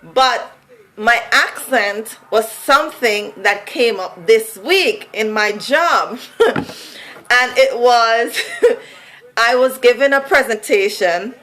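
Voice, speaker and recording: A Vincentian woman from Saint Vincent vlogs to camera in a casual, musical, sing-song way, laughing often. Her voice sits a little high with a fairly bright tone, and the recording quality is low.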